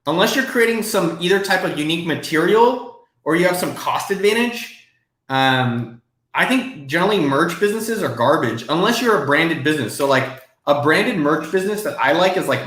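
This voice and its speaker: Man, live stream host, casual and excitable, swears freely, fairly high voice, echoey room.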